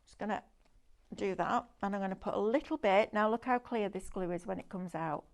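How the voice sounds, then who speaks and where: A woman hosting a live craft shopping show walks viewers briskly through each product in chatty, eager sales patter. Her middle-pitched voice has a gravelly, fry-tinged edge.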